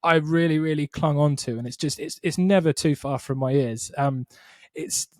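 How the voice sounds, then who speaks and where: A man co-hosting a podcast, gushing about a band he loves in an excitable, sweary casual chat. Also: a little high, normal speed, no echo, studio quality. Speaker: podcast co-host.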